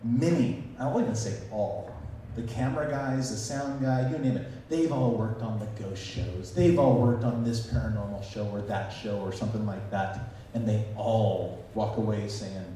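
A mellow, fairly low male voice moves at a moderate pace with few pauses, animatedly telling stories to a conference audience and acting out what people said. It's recorded from far off in an echoey hall with slight background noise.

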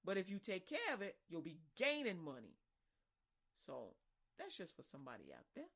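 A woman preaching in a loose, conversational style, animated and acting out little scenes as she talks. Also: fairly low pitch, normal speed. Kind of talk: casual sermon.

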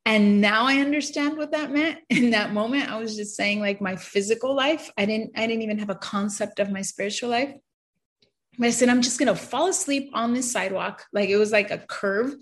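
Earnest woman sharing a personal testimony. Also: fairly high pitch. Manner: earnest and emotional, halting with stammered restarts.

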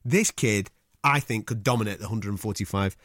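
A man co-hosting a sports podcast in a matey, lively way, swearing freely. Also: lowish voice, normal speed, dry recording, studio quality. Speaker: podcast co-host. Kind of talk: casual sports chat.

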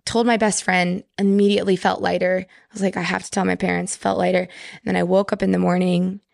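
Creaky-voiced young woman from Texas. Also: lowish voice, flat delivery, fairly quick, dry recording, clean studio sound. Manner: storytelling with many "like" fillers. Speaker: podcast guest. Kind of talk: casual chat.

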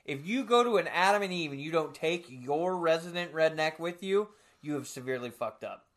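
A man in casual comedic chat, crude and profane, laughing often and breaking into loud bits. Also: a little high, expressive, a little fast.

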